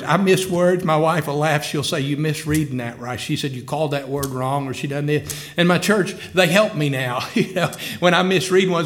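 A middle-aged man, preaching and telling his testimony in an earnest, emotional way. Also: a little high. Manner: earnest, emotional storytelling with rising fervor. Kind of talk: sermon testimony.

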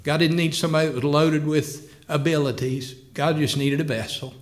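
A man's voice: on the high side, steady tone, fairly quick. A middle-aged man, preaching and telling his testimony in an earnest, emotional way. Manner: earnest, emotional storytelling with rising fervor. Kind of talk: sermon testimony.

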